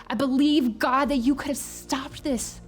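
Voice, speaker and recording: A woman's voice: high-pitched, fairly even intonation, measured pace. A young adult woman pastor preaching a sermon, earnest and emotional, rising into impassioned prayer. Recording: faint music behind.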